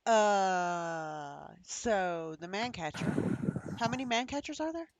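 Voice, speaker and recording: A casual player in a tabletop game talks through a turn with a mid-pitched voice. The speech grows mumbly while checking rolls, and the recording is dry and close. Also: animated, slow, no room sound.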